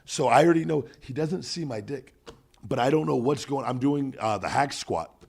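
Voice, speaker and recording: A man in his thirties hosting a podcast, telling a gym story in casual, profane, animated chat. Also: medium pitch, moderate pace, creaky, husky. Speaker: podcast host.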